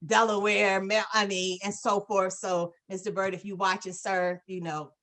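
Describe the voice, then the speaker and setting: A woman's voice: medium pitch, normal speed. Effusive woman on a video call. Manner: effusive, animated storytelling with many fillers. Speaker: guest speaker on a business call. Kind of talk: casual testimonial on a video call.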